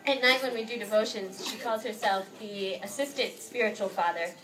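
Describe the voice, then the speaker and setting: A young American woman, an exchange student, giving a heartfelt thank-you speech to her host family and laughing often as she tells stories. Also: mid-range voice. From United States. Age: young adult. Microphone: microphone held at a distance. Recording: distant mic, noisy outdoor ambience.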